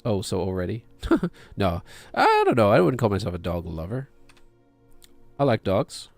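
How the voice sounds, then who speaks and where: A man's voice: on the low side, huge pitch swings, normal speed, vocal fry, dry recording, faint music behind. A man streaming a game, chatting casually as he thinks aloud to himself and to his chat. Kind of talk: casual gameplay commentary.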